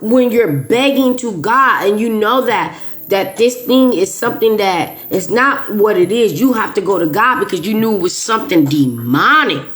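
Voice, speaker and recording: A woman's voice: medium pitch, expressive, moderate pace, fairly bright tone. A woman talking straight to her viewers in a casual monologue. She is emphatic and repeats herself often, with frequent restarts. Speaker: video creator.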